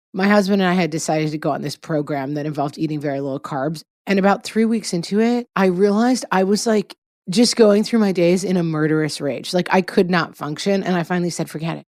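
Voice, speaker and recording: Lively self-mocking woman podcast co-host. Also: fairly low pitch, no echo, clean studio sound. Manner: self-mocking, animated, laughs often. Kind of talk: casual podcast chat.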